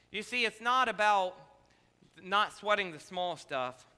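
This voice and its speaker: A man's voice: sits high, pushed and bright, long reverb tail. A male pastor preaching a sermon, earnest and repetitive, asking the listeners question after question. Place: church sanctuary.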